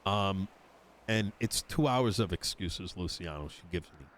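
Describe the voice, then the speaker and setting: A man's voice: low-pitched, lively intonation, measured pace, fairly bright tone, slight background noise. A man in character during an online roleplay, exasperated and swearing as he retells an argument with quoted dialogue. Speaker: roleplayer voicing a politician character.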